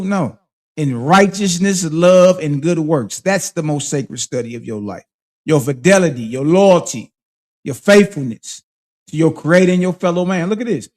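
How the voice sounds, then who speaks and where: Man with a higher voice, streetwise commentary. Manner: conversational, rhetorical "huh?" check-ins to listeners; streetwise slang, emphatic. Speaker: host. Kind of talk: casual reading and commentary on a religious book.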